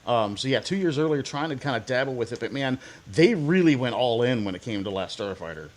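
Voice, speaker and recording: A man's voice: mid-range voice, animated, brisk, a little hiss or hum. A man co-hosting a casual podcast chat, talking in loose, rambling sentences with frequent restarts. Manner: rambling, lots of restarts and fillers. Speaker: podcast co-host.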